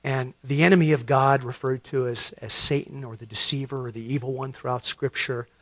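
A middle-aged man preaching a sermon, telling a story and repeating words as he builds to loud emphasis. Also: medium pitch, steady tone, brisk, no room sound. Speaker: pastor.

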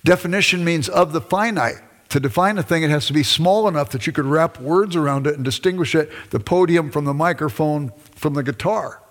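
Older man lecturing, animated and chatty. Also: fairly high pitch, brisk, hardly any pauses. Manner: animated, conversational, self-deprecating asides. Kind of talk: classroom lecture.

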